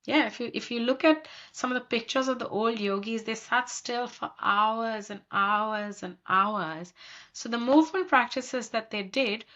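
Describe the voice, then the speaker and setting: A woman yoga therapist as a podcast guest, speaking calmly and unhurriedly while slightly under the weather. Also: a little high, unhurried, lo-fi sound. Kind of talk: casual interview chat.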